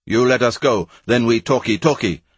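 A man's voice: mid-range voice, big pitch swings, slow, breathy edge, dry recording, exaggerated voice. A man voicing a pompous, blustering male scientist who barks broken pidgin at the locals in a storybook reading. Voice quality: loud, barking, condescending.

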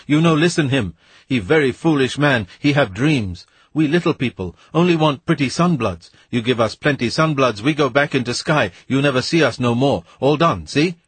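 A man voicing a sly adventurer pleading loudly in broken English, pitched higher than the narration. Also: animated, normal speed, husky, dry recording. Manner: loud, wheedling, broken English.

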